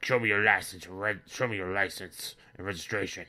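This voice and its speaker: A man's voice: deep voice, steady tone, fairly quick, pushed and bright. A man voicing a stern small-town male sheriff in a comedy story, talking bluntly and commandingly.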